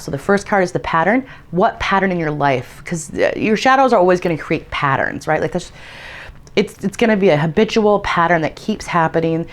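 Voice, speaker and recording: A young woman with a low-pitched voice talks through her tarot routine in a loose, chatty vlog style. She fills her sentences with "like" and "um" and drops in a casual swear word now and then. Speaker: tarot content creator.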